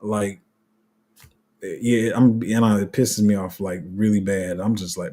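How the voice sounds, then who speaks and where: Livestream host, male, mellow husky tone, loose rambling delivery. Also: fairly low pitch, level tone, a little slow. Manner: rambling, restarts often, laughs at himself; reads viewer comments aloud. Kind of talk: casual livestream chat reading comments.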